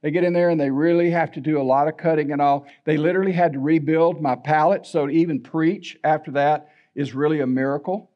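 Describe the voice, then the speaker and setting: An older pastor preaches in a high, bright-pitched voice. He talks in a folksy, candid, humorous storytelling way. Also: steady tone, fairly quick, few pauses, muffled recording. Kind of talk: sermon.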